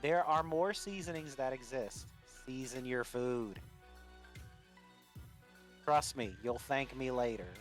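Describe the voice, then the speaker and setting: A man's voice: mid-range voice, normal speed, hardly any pauses, faint music behind. A man from Louisiana with a light Cajun accent, a guest chatting bluntly on a livestream and swearing casually. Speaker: stream guest. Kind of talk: casual stream chat.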